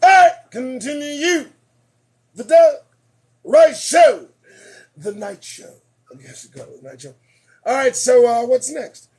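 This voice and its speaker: A man hosting a late-night commentary show, losing his voice, emphatic and preachy, repeating lines for effect and swinging between shouting and muttering. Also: extremely high pitch, lively intonation, moderate pace.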